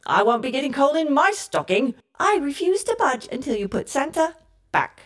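A woman's voice: high-pitched, very animated, moderate pace, fairly bright tone. A woman voicing a sarcastic, stubborn female submarine computer, talking back in a comedic radio play. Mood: defiant. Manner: cheeky and indignant, talks back.

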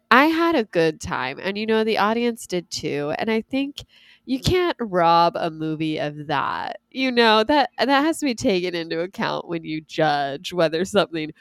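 A woman's voice: lowish voice, dry recording, studio quality. A woman co-hosting a podcast in casual chat, laughing often, with a sick voice. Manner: laughs often, lively and chatty. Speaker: podcast co-host.

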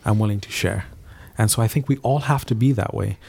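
Guy with a low gravelly voice rattling off a faith story in an interview, stumbles and repeats words a lot. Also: a little mellow. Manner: quick, repeats words often, earnest storytelling. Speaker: guest. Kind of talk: faith testimony in casual interview.

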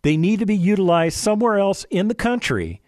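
A man hosting a radio talk show, speaking in an animated way with lots of rhetorical questions and jokey asides to his dog. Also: high-pitched, a little fast, dry recording, clean studio sound.

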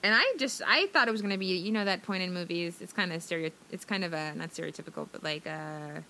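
Woman co-host, casual movie recap, rambling and giggly, bright tone. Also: fairly low pitch, animated, quick pace. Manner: rambling, chatty, giggly, many fillers. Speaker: podcast co-host.

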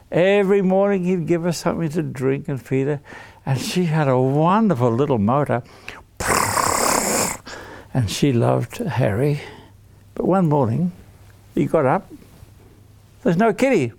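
A man telling a story to children in an animated way, putting questions to them. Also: on the high side, a little slow, creaky, pauses often.

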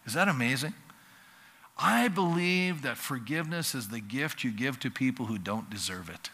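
Man, pastor preaching, bright forceful voice, long church-hall reverb, lively conversational delivery. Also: mid-range voice, moderate pace, slightly rough. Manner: animated, conversational preaching with acted-out dialogue. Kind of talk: sermon. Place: church sanctuary.

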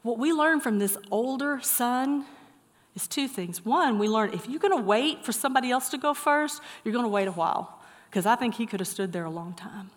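A middle-aged woman preaching a sermon, moving from lively storytelling to soft, earnest encouragement. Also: on the high side, moderate pace. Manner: animated storytelling, then soft earnest exhortation. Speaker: pastor. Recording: long hall reverb.

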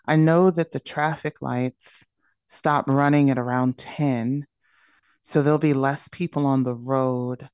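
A woman's voice: very deep voice, fairly even intonation, a little slow, a little mellow, dry recording. A woman speaking as a podcast guest, candidly and reflectively telling a personal story. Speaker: podcast guest, burnout coach.

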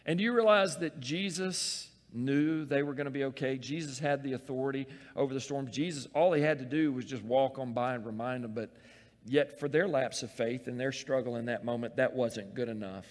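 A man preaching a sermon, acting out Bible scenes in voices and swinging from loud calls to hushed, close words. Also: medium pitch, a little fast, long reverb tail. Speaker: pastor.

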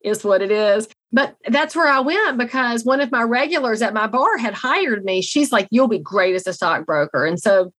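A woman's voice: a little high, animated, normal speed, few pauses, a bit bright. A middle-aged woman with a Southern US accent, a guest on an interview show, telling blunt, folksy stories with self-deprecating humor. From American South. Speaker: guest, real estate CEO. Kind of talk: conversational interview storytelling.

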